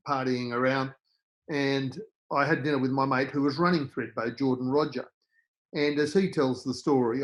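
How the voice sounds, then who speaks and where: A middle-aged Australian man, a podcast guest, telling personal stories in an animated way and acting out the voices he quotes. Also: medium pitch, rough recording. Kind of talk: storytelling interview.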